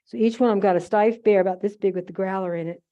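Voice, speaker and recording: Rambling older woman with a mellow voice. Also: mid-range voice, steady tone, quick pace. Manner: rambling, fond, frequent asides and self-corrections. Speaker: guest speaker at a museum holiday event. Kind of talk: chatty anecdotal talk to an audience.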